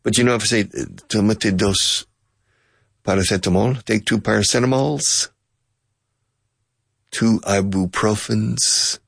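Deep gravelly man teaching English. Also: fairly bright tone, no room sound, studio quality. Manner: playful, repeats phrases slowly, switches to Spanish to explain. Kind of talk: casual language lesson.

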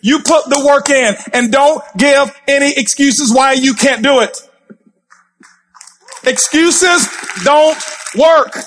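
A man giving a fired-up motivational speech from a stage, intense and passionate, yelling at the crowd. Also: very high voice, fairly even intonation, moderate pace, hardly any pauses. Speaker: motivational speaker. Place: stage before a live audience.

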